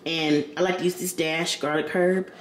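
A woman's voice: low voice, fairly even intonation, normal speed. Woman, casual vlog chatter, slangy, home kitchen, background noise. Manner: chatty, rambling, slangy, addresses viewers as y'all and girl. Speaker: vlogger. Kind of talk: casual chat to camera. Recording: echoey room with background noise.

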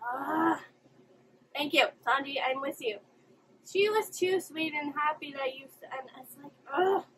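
A high-pitched woman talks through an anime episode as she watches it, gasping and exclaiming at each turn. She records at home on a desktop mic. A faint room noise runs underneath. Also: measured pace, rough recording. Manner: expressive, exclaiming and gasping at the screen. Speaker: anime reaction host. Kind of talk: live reaction commentary.

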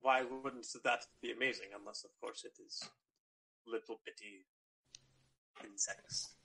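A man playing a tabletop role-play game in character, speaking in slow, halting lines. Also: mid-range voice, fairly even intonation, creaky, bright, forceful tone, breathy edge, low-quality recording. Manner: slow, drawn-out, halting speech.

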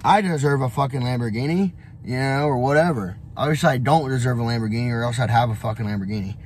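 A man's voice: mid-range voice, fast, slight background noise. A young man vlogging on the road, giving a blunt, profane motivational rant full of fillers and restarts. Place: on the road, traveling.

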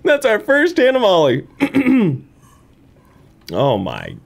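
Animated man rambling over a game. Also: takes it slowly, gravelly. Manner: rambling and self-mocking, with frequent laughs and high excited outbursts. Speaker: gaming YouTuber. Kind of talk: let's play commentary. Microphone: desk microphone.

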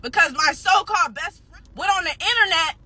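A woman's voice: very high voice, animated, fairly quick, pushed and bright. A nineteen-year-old woman venting on a livestream, upset and defensive, swearing heavily and repeating herself, close to tears at times. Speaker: social media personality.

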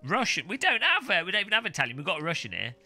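A man's voice: high-pitched, huge pitch swings, racing, bright, forceful tone, soft background music. A man streaming a casual unboxing, rambling and joking as he reads out foreign words in silly voices. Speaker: tech streamer.

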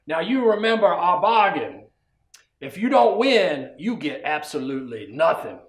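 A man's voice: a little high, very animated, unhurried, echoey room. A man playing a domineering outlaw boss who gives orders in a commanding way. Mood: bossy. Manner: bossy, commanding.

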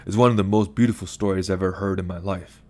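A man's voice: low voice, steady tone, fast talker, a little mellow, lightly acted. A man voicing an agitated lawyer who swears and rants in self-pity on the phone. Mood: bitter. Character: bitter drunk-sounding male lawyer, ranting.

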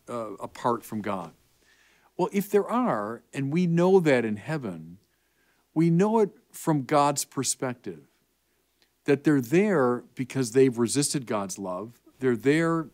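Casting: a lively, expressive man with a Chicago accent, a bishop patiently explaining to kids. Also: medium pitch. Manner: animated and emphatic, with rising bursts. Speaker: bishop answering children's questions. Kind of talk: explaining faith to kids, conversational.

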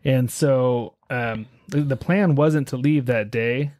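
A man hosting a podcast, telling a story in a relaxed, chatty way with lots of fillers. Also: mid-range voice, takes it slowly, dry recording, clean studio sound. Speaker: podcast host. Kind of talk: casual storytelling chat.

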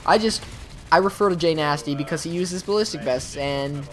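A man's voice: on the high side, slight background noise. A man giving casual, rambling gameplay commentary, talking straight to his viewers. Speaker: YouTube gamer.

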